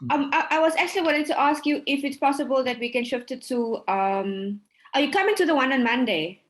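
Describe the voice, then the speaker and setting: A polite woman with a high voice speaks over a video call. She hesitates, stumbles over her words and laughs lightly as she asks things. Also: lively intonation, fairly quick. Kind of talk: casual chat before an online session.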